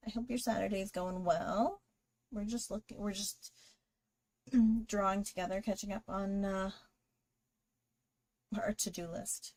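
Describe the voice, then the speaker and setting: A woman's voice: mid-range voice, steady tone, normal speed, vocal fry, darkish tone. A woman hosting a live drawing stream, chatting casually with viewers and greeting them while she draws. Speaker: livestream artist host.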